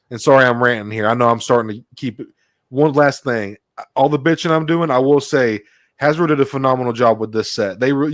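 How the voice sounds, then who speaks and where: Excitable man ranting casually. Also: medium pitch, no echo, studio quality. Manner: rambling, excitable, swears freely. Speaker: podcast co-host. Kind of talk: casual podcast chat.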